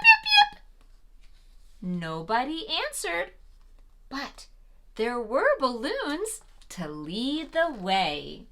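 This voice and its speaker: A woman hosting a preschool show, reading a picture book aloud in a gentle, sing-song and encouraging way. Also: a little high. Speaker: preschool storyteller host.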